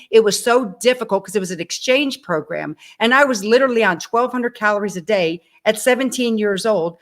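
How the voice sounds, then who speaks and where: A woman in her sixties tells her own life story as a guest on an interview show. Her voice sits a little high, and she keeps acting out the dialogue. She turns to speak straight to her listeners. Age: 60s. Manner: animated, acts out dialogue in her stories; addresses the audience directly. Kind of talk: personal storytelling.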